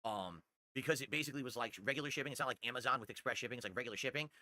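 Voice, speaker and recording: A man's voice: medium pitch, racing, bright, forceful tone. A man hosting his livestream, talking into a desktop condenser mic at home and ranting in a brash, boastful way. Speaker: streamer host. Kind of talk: casual podcast-style livestream monologue.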